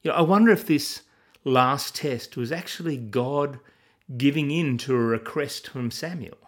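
A man's voice: mid-range voice, a little slow. Man, Bible teacher, earnest, asks questions, medium voice, sermon commentary.

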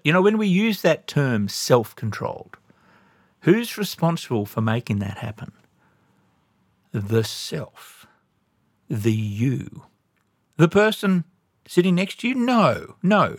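A man's voice: mid-range voice, no echo, studio quality. A male pastor preaching a sermon, emphatic and addressing the congregation with questions.

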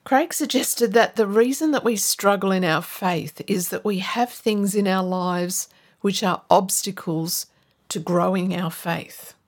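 A woman pastor delivers a sermon in an earnest, emphatic manner, taking her time over each phrase. Her voice is mid-pitched with a slightly husky, breathy edge. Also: unhurried. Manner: earnest, emphatic, voices the people she quotes.

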